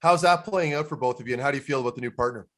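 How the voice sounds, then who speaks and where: A man's voice: mid-range voice, rapid-fire, fairly bright tone, a little hiss or hum. A man co-hosting a podcast, chatty and joking, asking long rambling questions. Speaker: podcast co-host. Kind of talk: casual interview chat.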